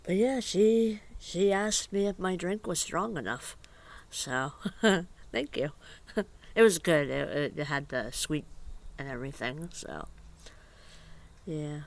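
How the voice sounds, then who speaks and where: A man vlogging outdoors in a casual, rambling way, halting and hesitant, rueful and confiding, sometimes dropping to a hushed near-whisper. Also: on the high side, animated, vocal fry. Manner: halting and hesitant, with repeated fillers and restarts. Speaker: vlogger and musician.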